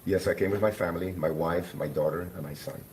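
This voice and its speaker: A man with a very deep voice interpreting in court, moving quickly and briskly between questions and answers. There is a faint hum of noise behind him. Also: steady tone, a little mellow. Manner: quick and businesslike, with frequent "uh" fillers.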